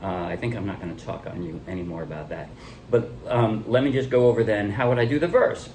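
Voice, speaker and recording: Relaxed man explaining ukulele strums. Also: fairly low pitch, slight background noise. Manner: relaxed, halting explanations with counting and calling out strums. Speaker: ukulele teacher. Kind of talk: casual music tutorial.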